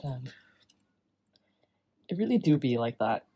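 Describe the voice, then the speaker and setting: A woman's voice: extremely low pitch, big pitch swings, slow pace, dark tone, husky. A woman in casual chat, reacting briefly to a friend's story. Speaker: listener in chat.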